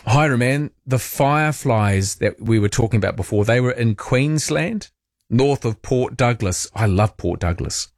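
Late-night talkback host, New Zealand man, mid-pitched, very dry close studio mic. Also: unhurried, no room sound. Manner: chatty, rambling storyteller with animated asides. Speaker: overnight radio talk host. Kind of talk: late-night talkback, reading listener texts. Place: radio studio. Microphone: studio microphone.

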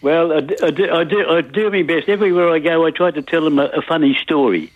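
A man calling in to a radio show, cheerful and halting, stopping and restarting his sentences. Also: fairly high pitch, no room sound. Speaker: caller. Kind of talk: phone-in chat. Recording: tinny phone line.

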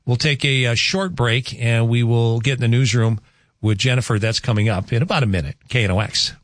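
A man's voice: mid-range voice, fairly quick, dry recording, studio quality. A man hosting a morning radio show, talking in a rambling, chatty way and laughing easily. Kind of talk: casual radio chat. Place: radio studio.

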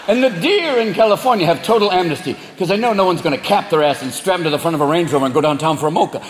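A male stand-up comedian, profane and animated, performing a set on a club stage. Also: on the high side, noisy background. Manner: profane, animated, rapid voices. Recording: echoey club with loud crowd laughter.

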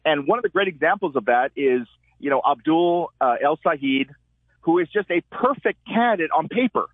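Columnist guy calling in, husky voice, sounds like a phone, gets animated telling stories. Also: fairly high pitch, moderate pace, no room sound. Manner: animated storyteller, acts out quotes. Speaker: columnist guest. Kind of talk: call-in commentary. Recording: tinny phone line.

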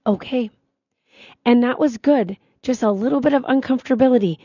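A woman's voice: on the high side, fairly quick, husky, no echo, dull audio. Chatty woman. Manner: chatty, animated storytelling. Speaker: radio show co-host. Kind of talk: casual chat.

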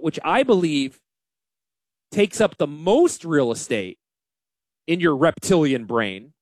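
Lively high-voiced man, joking host. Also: no echo. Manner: animated, self-deprecating, joking. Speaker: radio show host, financial advisor. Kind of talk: casual radio talk.

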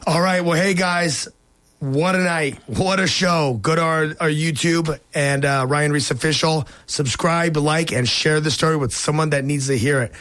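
A man's voice: on the high side, moderate pace, fairly bright tone. A man hosting a talk show, chatting casually with a guest and adding enthusiastic, preachy remarks. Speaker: host.

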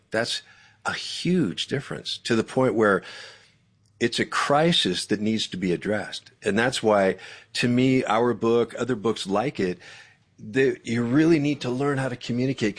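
A man guesting as an author, speaking in an animated, emphatic, preacherly way about faith and communication. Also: medium pitch, normal speed. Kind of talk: faith-based interview talk.

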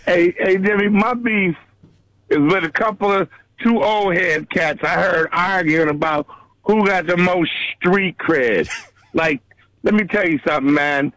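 Middle aged dude calling in to radio, slangy and jokey, high pitched, dry sound. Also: male voice, a little slow, fairly bright tone, no room sound, low-quality recording. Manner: loose, joking, street slang. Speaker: caller. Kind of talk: phone-in call to radio show.

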